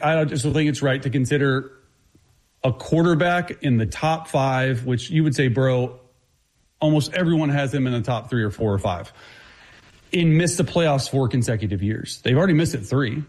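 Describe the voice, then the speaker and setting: A man who is a guest football analyst, talking quickly and confidently through his breakdown, with frequent restarts. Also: mid-range voice, a little mellow. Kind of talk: casual sports talk.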